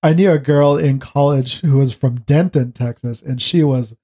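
A man's voice: mid-range voice, normal speed, warm tone. A man hosting a podcast, chatting in an easygoing way. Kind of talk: casual chat.

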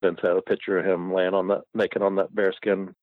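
Low gravelly man, loose and profane, spinning a yarn; dry muffled recording. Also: little pitch movement, brisk, no room sound. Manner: rambling, profane, laughing often. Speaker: guest storyteller. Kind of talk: casual storytelling.

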